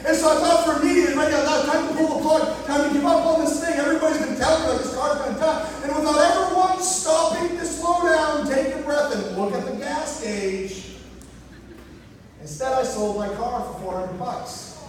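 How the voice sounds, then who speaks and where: Man, motivational speaker, keynote for students; very high voice, booming echo of a big hall, mic far off. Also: normal speed, a little hiss or hum. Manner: animated storytelling, acts out quoted voices. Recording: echoey hall recording from far off.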